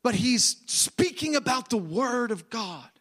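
A man's voice: very high voice, sing-song, a little slow, fairly bright tone. A man preaching a sermon, emphatic and often raising his voice, repeating phrases for stress.

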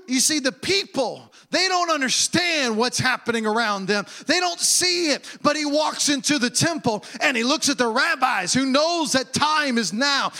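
High, bright impassioned male preacher. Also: gravelly. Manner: impassioned, shouts and drops to low murmurs. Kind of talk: sermon.

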